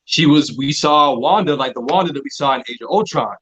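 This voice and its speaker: A man hosting a casual podcast chat, asking questions hesitantly with many pauses and ums. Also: mid-range voice, a bit bright, husky. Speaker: host. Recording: dull lo-fi audio.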